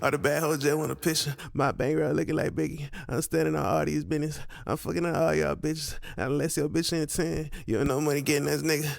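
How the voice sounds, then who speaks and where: A man doing an impression of a young male rapper, rapping over a beat with a croaky, gravelly, drawled delivery. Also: fairly high pitch, flat delivery, quick pace, hardly any pauses. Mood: laid-back.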